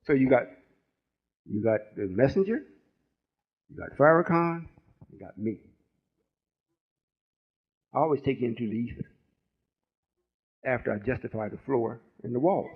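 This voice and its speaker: In a muffled lo-fi recording, a spiritual teacher in his late sixties gives a folksy, rambling sermon-style teaching, checking in with listeners in a call-and-response way. His mid-range, expressive voice has a breathy edge, moving at a moderate pace with long pauses.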